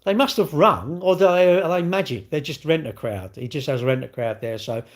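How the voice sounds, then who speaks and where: Fielding questions from his livestream chat, a middle-aged Brit chats bluntly and loosely, full of slang and tangents. He talks fairly quickly in a slightly high male voice whose lively pitch swings up and down.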